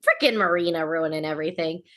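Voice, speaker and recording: A woman's voice: deep voice, fast talker, sharp tone. A woman co-hosting a podcast, chatting casually and animatedly about an episode, laughing easily and swearing now and then. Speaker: podcast co-host. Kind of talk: casual recap chat.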